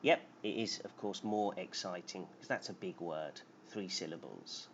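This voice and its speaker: A man with a low voice speaks at normal speed while teaching English grammar on a live stream. He explains patiently and reads out names from the chat, and the stream audio is dull and lo-fi with faint noise.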